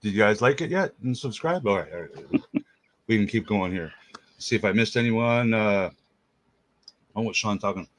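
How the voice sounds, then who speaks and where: A man's voice: fairly low pitch, lively intonation, moderate pace, pauses often, no echo. A man from Canada hosting a casual livestream chat, upbeat, greeting viewers from the chat. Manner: upbeat, reads out chat names. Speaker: host.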